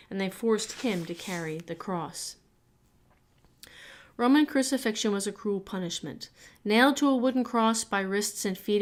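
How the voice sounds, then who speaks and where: A woman reading scripture aloud for a church, clear and steady. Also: medium pitch. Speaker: Bible reader.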